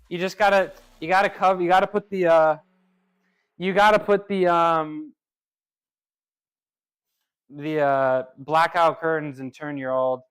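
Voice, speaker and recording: A man chatting casually with his live-stream viewers as he trains, laughing easily and often restarting his phrases. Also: on the high side. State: working out. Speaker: streamer reading chat.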